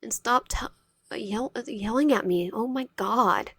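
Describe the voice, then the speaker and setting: A woman's voice: on the high side, measured pace, fairly bright tone, breathy edge, no echo, studio quality, voice pushed up, exaggerated voice. A woman voicing a frightened teenage protagonist who pushes back in a raised voice. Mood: alarmed. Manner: alarmed, raised voice.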